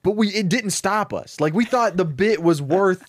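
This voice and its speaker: A young man pitches a comedy story in a loose, rambling way, jumping into the characters' voices as he goes. His voice sits a little high, and the recording is close and dry. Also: animated, normal speed, no echo. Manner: casual, rambling, acts out characters' lines.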